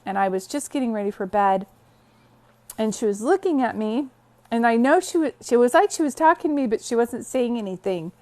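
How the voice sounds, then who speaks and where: A woman hosting a casual phone livestream from her bed, greeting viewers and telling stories in a chatty way. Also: medium pitch. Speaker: psychic medium livestream host. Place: bedroom, sitting on bed.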